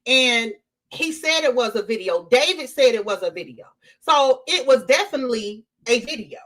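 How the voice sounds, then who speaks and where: A woman hosting a casual live-stream, talking straight to her chat in an animated way and repeating her points for emphasis. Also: a little high, moderate pace. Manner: animated, repeats herself, addresses chat directly. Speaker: livestream host.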